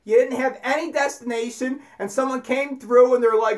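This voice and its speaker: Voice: high-pitched, fairly even intonation, moderate pace. A speaker giving a profane spiritual monologue, emphatic and ranting, with constant swearing.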